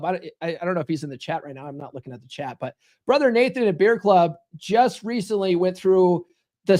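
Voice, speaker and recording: A man's voice: high voice, darkish tone. Blunt, profane man hosting a podcast. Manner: blunt, profane, keeps checking in with "right?" and "okay?". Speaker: podcast host. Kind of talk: casual monologue to a live chat.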